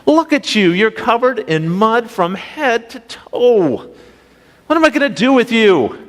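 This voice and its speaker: A man putting on a shrill, scolding old grandmother. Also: big pitch swings, a bit bright, full character voice. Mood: exasperated scolding. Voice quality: shrill, high falsetto. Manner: scolding, drawn-out exclamations. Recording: long church reverb.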